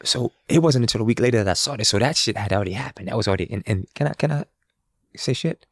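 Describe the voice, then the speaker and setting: A man's voice: fairly low pitch, fast, dry recording, studio quality. A man, a street musician, telling a story in casual talk and acting out the dialogue of the people in it. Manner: animated, acts out quoted dialogue.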